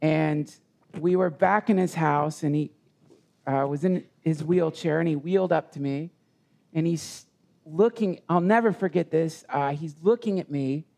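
A man telling a personal story in conversation, earnest and halting with many restarts. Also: a little high, gravelly, dark tone. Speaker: guest.

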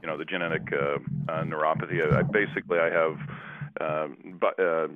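Deep-voiced man on a phone line. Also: steady tone, background noise. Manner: dry self-deprecating humor, halting with fillers. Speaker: former basketball player, guest. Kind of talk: casual storytelling interview.

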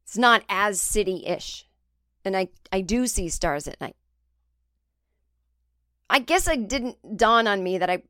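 Woman comic on her podcast, rambling and swearing a bit, smooth clear voice, no room echo. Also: medium pitch, fairly bright tone, clean studio sound. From United States. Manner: candid, rambling, profane. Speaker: comedian and podcast host. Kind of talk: casual solo podcast monologue.

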